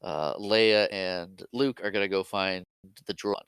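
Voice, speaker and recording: A man with a lowish, bright voice talks casually through a movie recap and trades fun facts. His tone is smooth and clear, recorded dry and close. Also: steady tone, no echo. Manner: chatty, shares fun facts, quick laughs. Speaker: podcast co-host.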